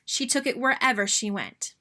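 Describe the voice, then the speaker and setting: Bright, expressive woman reading aloud. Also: fairly high pitch, moderate pace. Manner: expressive, sing-song narration. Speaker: children's book reader. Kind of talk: read-aloud storytelling.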